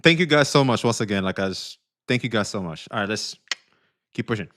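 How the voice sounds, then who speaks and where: A man live-streaming, who swears a lot and keeps thanking donors in a casual, animated way. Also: fairly low pitch, a little fast. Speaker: livestreamer.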